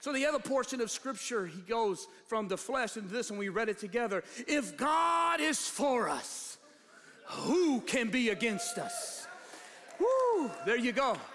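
A pastor preaching a sermon, swinging from low, quiet asides to shouted, rising lines. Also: male voice, big pitch swings, measured pace. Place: church hall. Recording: long reverb of a large hall.

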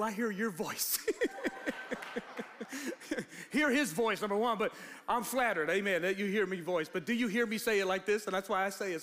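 Pastor, male, high bright voice, shouting sermon, long hall reverb. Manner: swings from low, quiet asides to shouted, rising preaching. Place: church hall.

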